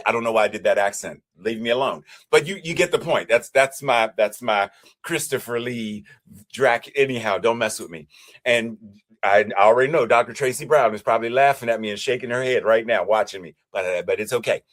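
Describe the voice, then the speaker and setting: A man preaching as a minister, with a measured, repetitive cadence. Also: mid-range voice. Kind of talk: sermon.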